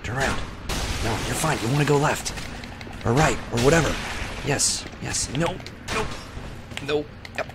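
A man's voice: mid-range voice, normal speed, pauses often, very noisy. A man giving live gameplay commentary as a streamer, jittery and panicky, talking to himself and to the game. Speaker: let's play livestreamer.

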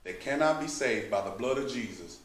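A man's voice: medium pitch, animated, a little fast. A man preaching a sermon, who builds to emphatic outbursts and addresses the listeners as saints. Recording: echoey room, mic at a distance.

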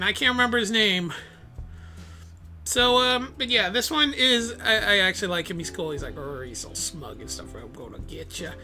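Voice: mid-range voice, bright, forceful tone. A vlogger rambling casually while unboxing toys, full of fillers and self-deprecating asides, grumbling at the camera's focus. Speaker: toy unboxing host.

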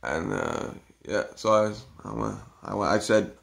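A man telling a rambling, halting story about his day in a casual monologue, with many restarts and some swearing. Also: fairly low pitch, gravelly.

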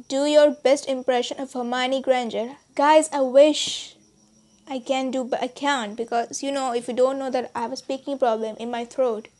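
A woman whose first language is Bengali, chatting casually in a vlog with halting, hesitant speech full of restarts and fillers. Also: high-pitched, a little mellow. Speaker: channel host.

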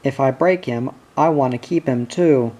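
A man's voice: mid-range voice, moderate pace, warm tone, close to an everyday voice. A man reading the lines of a determined young horse breaker in a storybook reading. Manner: plain, determined, a little husky.

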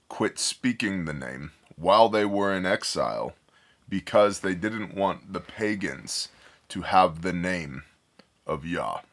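A man's voice: low-pitched, a bit bright. A man reading scripture aloud and breaking off to explain it in a casual, digressive way, thinking aloud as he goes. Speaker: Bible study teacher.

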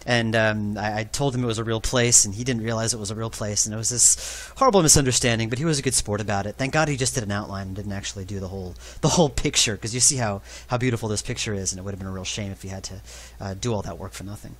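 A man talks through his own game in a loose, rambling commentary. His voice sits on the low side, and he laughs at his own mistakes as he goes. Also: fast talker. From New York. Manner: rambling, conversational, self-deprecating. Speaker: game developer. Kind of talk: developer commentary track.

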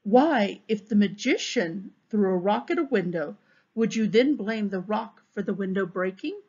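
A woman voicing a small, principled male policeman who reasons calmly, in a storybook read-aloud. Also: mid-range voice, moderate pace, husky. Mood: earnest. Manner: calm, reasoning. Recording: dull, muffled recording.

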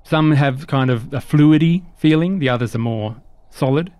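A man's voice: on the high side, moderate pace, a little mellow, smooth, dry recording. Casting: laid-back male game master describing scenes, dry close recording. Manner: casual, chatty, descriptive. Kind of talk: narrating a tabletop game.

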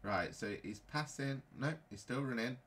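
A man's voice: medium pitch, moderate pace, fairly bright tone. A man playing a football game and commenting casually, often frustrated and grumbling. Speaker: gaming YouTuber.

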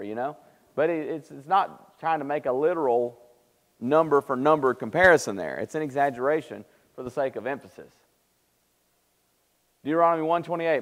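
A man teaching a Bible class in conversational style, acting out quoted speech. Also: medium pitch. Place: church auditorium. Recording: long hall reverb of church live stream.

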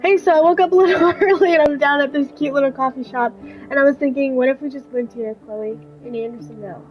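Woman reading as a shy, earnest young photographer; high, plain voice. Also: fast, soft background music, close to an everyday voice, low-quality recording. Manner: reading text messages aloud, earnest.

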